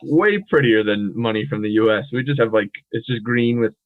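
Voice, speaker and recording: A man with an American English accent, co-hosting a podcast in casual chat, talking in a relaxed, monotone way full of fillers. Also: medium pitch, a little fast, dry recording. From United States. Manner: relaxed, filler-heavy, says he speaks in a monotone. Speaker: podcast co-host. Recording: dry, phone-like audio.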